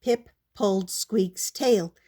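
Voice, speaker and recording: An older woman reading a children's picture book aloud in a gentle, measured storybook manner. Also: medium pitch.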